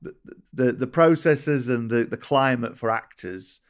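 A man's voice: medium pitch, a little slow. Rambling male interviewer. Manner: rambling questions with tag questions and restarts. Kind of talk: casual interview questions.

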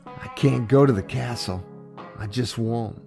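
A man's voice: mid-range voice, unhurried, creaky, over music. A man voicing a defiant young ex-soldier, speaking with stubborn conviction. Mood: confiding. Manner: defiant, confiding.

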